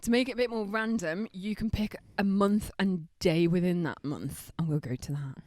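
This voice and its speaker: A woman's voice: mid-range voice, normal speed, dry recording. A young adult woman, co-hosting a casual podcast chat, talkative and laughing often. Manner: chatty, laughs often, lively storytelling. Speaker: podcast co-host.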